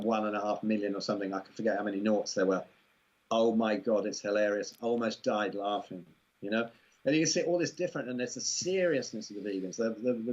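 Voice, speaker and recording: Englishman, husky voice, rambling chatty interview guest on a muffled lo-fi recording. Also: fairly low pitch. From England. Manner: rambling, amused, full of "you know" asides. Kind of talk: casual conversational interview.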